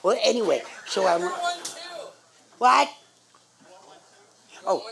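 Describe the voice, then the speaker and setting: An older woman on a live stage, telling a rambling story in a halting way, often losing her words. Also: medium pitch, animated, gravelly, heavy background noise. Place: live club stage before an audience.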